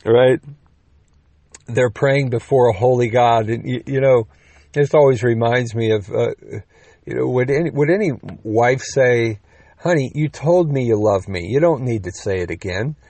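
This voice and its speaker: A man's voice: medium pitch, normal speed, warm tone, no room sound. A man preaching a sermon in a conversational teaching manner, with rhetorical questions and quips, growing emphatic on key points.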